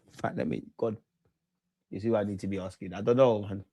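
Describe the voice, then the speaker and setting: A man streams his reaction to a football match, talking straight to his chat and to the players, his voice jumping between calm and loud outbursts. The sound is dry and close, with no room echo. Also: fairly low pitch, fairly quick. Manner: excitable, swears, talks to chat and players. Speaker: football watchalong host.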